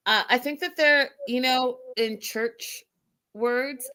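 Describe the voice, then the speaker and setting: A woman hosting a casual reality TV recap, telling scenes with animated retellings and frequent laughter. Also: high-pitched, slow. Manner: animated storyteller, acts out quotes, laughs often. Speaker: host.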